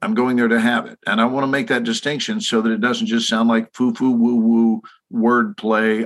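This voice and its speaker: In a podcast conversation, a man in his sixties with a Texan accent speaks at normal speed in a level, mid-range voice with few pauses. As a guest, he tells stories forcefully and asks the audience rhetorical questions.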